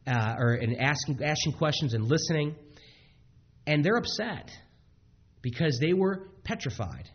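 A man preaching a sermon in a halting way, with frequent restarts and fillers, on a dull lo-fi recording. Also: on the high side, animated, breathy edge. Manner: halting, many restarts, acts out quotes.

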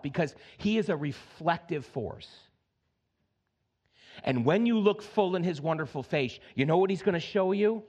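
A man preaching a sermon as pastor, conversational and animated, talking straight to his congregation and acting out little scenes. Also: a little high.

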